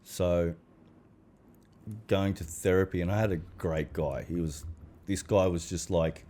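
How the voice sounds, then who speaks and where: A blunt man in his forties chats on a podcast in a fairly low voice. He swears freely and slips into little acted-out exchanges as he tells his stories. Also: fairly even intonation, unhurried, mellow. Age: 40s. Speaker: podcast guest. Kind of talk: casual chat.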